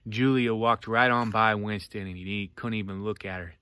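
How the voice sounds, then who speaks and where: Fired-up ranting man, bright forceful voice. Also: steady tone, moderate pace, smooth, dry recording. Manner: fervent, preachy, swings between loud and low. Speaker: book reviewer. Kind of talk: impassioned vlog rant.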